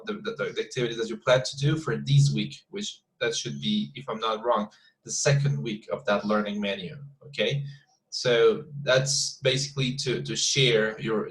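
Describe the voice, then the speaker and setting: A man's voice: lowish voice, fairly even intonation, measured pace, a bit bright, rough recording. Hesitant man teaching an online English class. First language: Spanish. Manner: hesitant, many repeated words and fillers. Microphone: video call.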